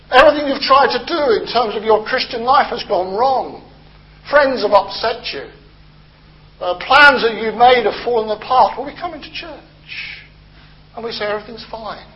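High-voiced man preaching. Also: animated, moderate pace, muffled recording. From Britain. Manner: conversational, gently humorous expository preaching. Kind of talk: sermon.

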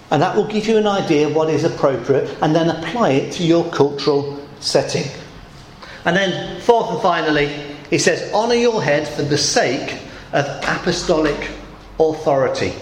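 A man preaching a sermon to a congregation, leaning hard on key phrases and repeating them slowly, with dry asides. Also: fairly high pitch, a little hiss or hum. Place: church hall. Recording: echoey church hall.

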